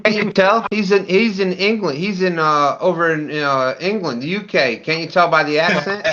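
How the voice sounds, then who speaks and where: A man hosting a late-night live stream, chatting slowly and casually and laughing often. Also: a little high, bright, forceful tone, muffled recording. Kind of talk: casual chat.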